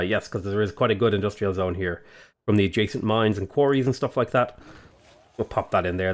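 A man with an Australian accent casually talking through a strategy game tutorial, explaining his moves in a relaxed way. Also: on the low side. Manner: relaxed, explanatory, frequent "uh" and "go ahead". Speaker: gaming YouTuber.

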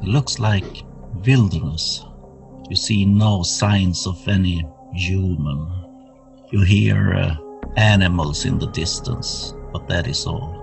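A man narrating a horror tabletop game as game master, setting each scene slowly and atmospherically. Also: deep voice, creaky. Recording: somewhat distant mic with music underneath.

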